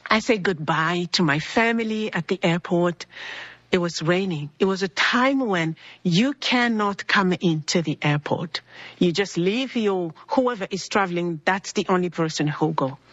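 In a dry, lo-fi recording, a woman with a fairly low, somewhat bright voice shares her personal faith testimony at an unhurried pace. She speaks earnestly and expressively, acting out the people she quotes as the story unfolds.

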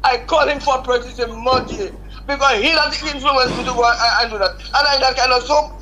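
A woman's voice: sits high, steady tone, fast, sharp tone, slight background noise, low-quality recording. An older woman calling in to a radio show, venting her frustration emphatically and repeating herself. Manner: vexed, repetitive, emphatic. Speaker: caller. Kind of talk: call-in radio complaint.

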